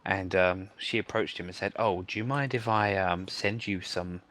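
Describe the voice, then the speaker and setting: A man's voice: deep voice, fairly even intonation, normal speed, fairly bright tone. A man telling a long rambling anecdote with many fillers while playing a game with friends. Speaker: gamer telling a story. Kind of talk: casual chat over gameplay.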